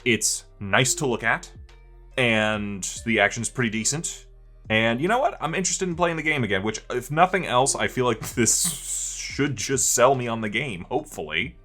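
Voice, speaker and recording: A man's voice: medium pitch, expressive, moderate pace, bright, forceful tone, soft background music. A man hosting a casual anime podcast, asking his co-hosts questions and joking around. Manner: asks questions and jokes. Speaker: podcast host. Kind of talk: casual chat.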